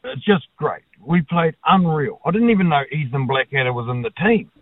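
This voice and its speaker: A man's voice: on the high side, animated, moderate pace, no room sound. A man with a New Zealand accent calling in to a talkback radio show, blunt, blokey and opinionated, swearing casually. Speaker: caller. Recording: tinny phone line.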